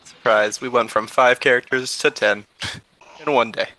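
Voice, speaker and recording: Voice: medium pitch, unhurried, sharp tone. A player chatting playfully during an online tabletop game. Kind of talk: casual tabletop game chat.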